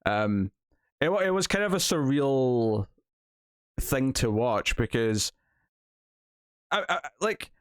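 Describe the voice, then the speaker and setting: Animated Scottish man, dry sound. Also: medium pitch, slow, long pauses, clear, resonant tone, no room sound. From Scotland. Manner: animated, acts out quotes in put-on voices. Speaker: TV review co-host. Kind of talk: casual TV review chat.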